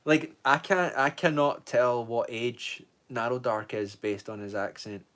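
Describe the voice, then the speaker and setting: A man's voice: medium pitch, a little slow, a bit bright. A Scottish man in his twenties, chatting casually on a livestream and rambling as he answers viewer comments. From Scotland. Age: 20s. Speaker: streamer.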